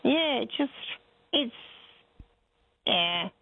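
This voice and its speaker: A woman's voice: a little high, animated, drawn-out words, background noise. An older woman, calling into a radio show, who rambles and hesitates with many fillers. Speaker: caller. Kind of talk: casual phone chat. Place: phone call into a radio show. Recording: tinny phone line.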